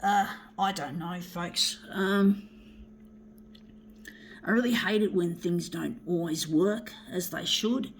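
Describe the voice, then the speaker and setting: A woman's voice: fairly low pitch, takes it slowly, slight background noise. A woman, talking to viewers in a rambling, casual vlog monologue while she works on her art, swearing often and calling them folks. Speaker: artist vlogger.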